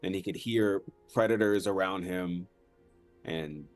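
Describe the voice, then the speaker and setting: A man telling his character's actions in a tabletop game, halting and searching for words with many fillers. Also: low-pitched, soft background music. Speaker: player.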